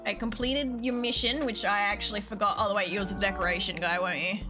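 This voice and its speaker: A woman streaming a game live, chatting with her viewers, excitable, swearing freely and breaking into squeals. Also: mid-range voice, fast. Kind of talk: live gameplay commentary. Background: game music.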